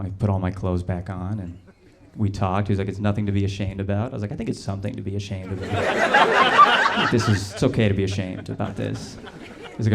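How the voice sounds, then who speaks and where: A man doing a rambling, deadpan stand-up set on a comedy club stage, with the audience laughing. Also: lowish voice. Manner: deadpan, rambling, self-deprecating. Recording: loud room noise, live club.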